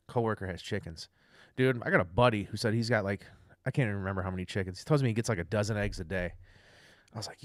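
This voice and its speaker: A man's voice: fairly low pitch, fast, dry recording, studio quality. A young man rambling casually through a livestream rant, loose, chatty and profane. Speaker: livestream host.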